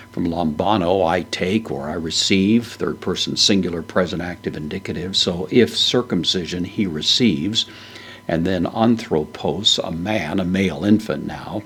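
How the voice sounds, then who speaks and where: Low-voiced man teaching Bible Greek. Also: slight background noise. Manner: methodical, parses words with frequent "uh" fillers. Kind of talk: verse-by-verse Greek exegesis lecture.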